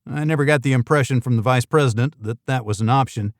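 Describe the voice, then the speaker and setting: A man's voice: medium pitch, quick pace, no room sound. A man narrating a first-person thriller audiobook in a dry, wry manner.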